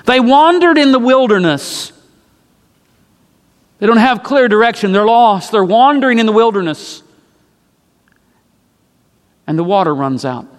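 A man's voice: high voice, expressive, measured pace, long pauses, in a large hall. A man preaching a sermon, retelling a story dramatically with emphatic repetition.

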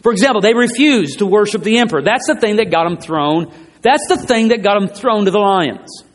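A high-pitched male preacher delivers an emphatic sermon and doubles back on his phrases to drive each point home. His voice rings out through the long reverb of a church hall. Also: expressive, a little fast. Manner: emphatic, repeats phrases, rising and falling delivery.

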